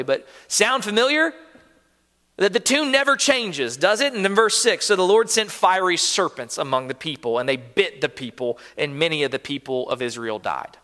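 A man preaching a sermon as pastor, earnestly asking questions of his listeners and dropping to hushed, low stretches between raised points. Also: lively intonation, moderate pace, big-room sound.

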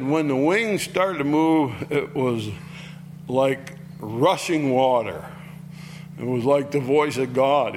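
A man's voice: medium pitch, slight background noise. A man teaching through a Bible passage verse by verse in a folksy, conversational way, reading scripture aloud and then explaining it.

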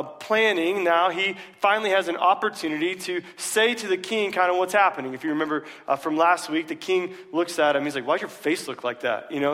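A man preaching a sermon to his church in a relaxed, joking way, full of "uh" fillers. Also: sits high. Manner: casual, joking, many "uh" fillers. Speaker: pastor. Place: church sanctuary. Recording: long reverb of a large hall.

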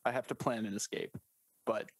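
A man improvising comedy bits in casual podcast banter, spinning absurd stories with deadpan wordplay. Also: fairly low pitch, moderate pace, no echo.

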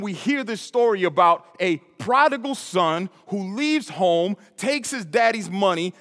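A man's voice: high voice, a bit bright. Man preaching a story-driven sermon in a big hall. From New York. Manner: storytelling, repetitive emphatic phrases. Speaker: pastor. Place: church hall. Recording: reverberant hall.

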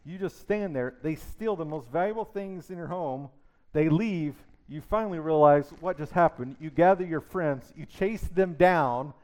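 A man's voice: on the high side, moderate pace, darkish tone. A middle-aged man preaching a sermon in an emphatic, conversational way, full of rhetorical questions. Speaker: pastor.

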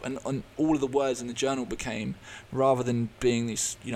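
Halting man telling his story. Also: medium pitch, level tone, darkish tone, slight background noise. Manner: halting, frequent restarts and fillers; earnest and emotionally open. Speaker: podcast guest. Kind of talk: candid personal storytelling.

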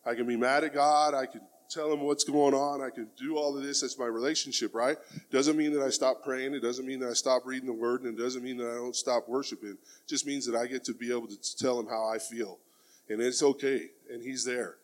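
A middle-aged man speaks at an ordinary medium pitch, telling his own story in an earnest, heartfelt way. His talk is plain and casual, and he often drops in the word "man". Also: fairly even intonation, fairly quick. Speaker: speaker giving personal testimony. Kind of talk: earnest spoken testimony.

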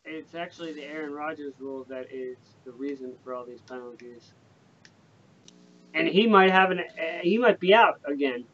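A man's voice: normal speed, fairly bright tone. A man hosting a casual sports podcast, rambling with lots of fillers and swearing. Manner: profane, rambling, filler-heavy. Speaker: podcast host. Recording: dull lo-fi with faint rumble.

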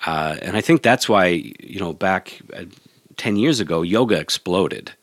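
A man's voice: deep voice, expressive, moderate pace, dry recording. A man, a yoga teacher, in a casual podcast chat, earnest and reflective, often restarting his sentences.

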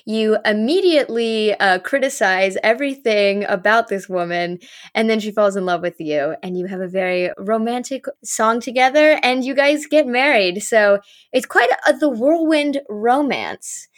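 A woman hosting a podcast she created, chatting in a casual, upbeat way with quick asides. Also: fairly high pitch, expressive. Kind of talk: casual interview chat.

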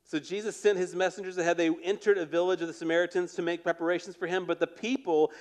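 A man preaching a sermon in a casual, storytelling way, acting out the quotes and dropping to a hushed voice for emphasis. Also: high voice, fast. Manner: conversational, animated storytelling with acted quotes. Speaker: pastor.

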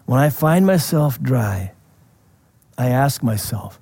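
A man preaching a sermon in a conversational way, asking the listeners questions and laughing softly now and then. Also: medium pitch, animated, slow pace, gravelly, husky. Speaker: pastor.

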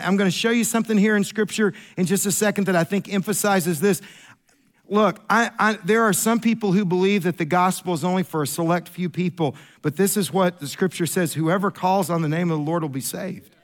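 A man preaching a sermon as pastor, emphatic and repetitive, restarting phrases, moving between a raised voice and a hushed one. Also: sits high. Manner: emphatic, repeats phrases and restarts, swings from raised voice to near whisper.

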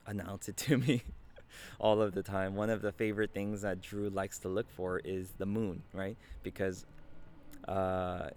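A man in his thirties preaching a conversational sermon, earnest and warm in manner, often adding "right?" as he speaks. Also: lowish voice, slight background noise. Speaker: pastor.

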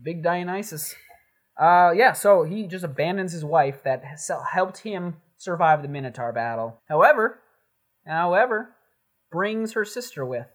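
Lively, profane male storyteller. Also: sits high. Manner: rambling, profane, acts out characters in quick asides. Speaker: podcast host telling a Greek myth. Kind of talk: casual storytelling with friends.

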